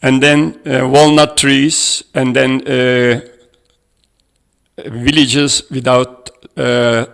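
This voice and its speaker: A man giving an academic conference presentation, halting and hesitant as he reads out figures from his slides. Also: mid-range voice, little pitch movement, creaky, a bit bright, smooth. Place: conference room.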